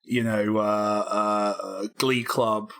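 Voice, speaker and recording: A man with a bright, forward voice talks loosely on a casual podcast. He rambles, restarts his sentences and pokes fun at himself, with fillers scattered throughout. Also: on the low side, fairly even intonation, extremely slow, vocal fry. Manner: rambling, self-deprecating, many fillers and restarts. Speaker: podcast co-host, game developer. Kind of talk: casual chat.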